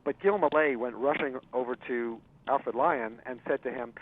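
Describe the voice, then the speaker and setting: This medium-pitched man talks briskly, barely pausing, as he spins a long tale for a radio interview. He's a jazz writer on as a guest, his speech packed with fillers and false starts, and the audio has a thin, tinny phone-line quality.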